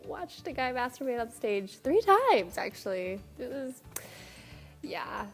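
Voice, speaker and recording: A woman's voice: high voice, expressive, fairly bright tone, soft background music. A young woman vlogging to camera, telling a rambling travel story in a chatty, laughing way. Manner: chatty, rambling, laughs often, quotes people in quick asides.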